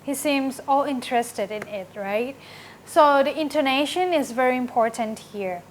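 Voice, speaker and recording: A woman teaching an English grammar lesson, explaining slowly and often checking with "right?". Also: high-pitched, slight background noise.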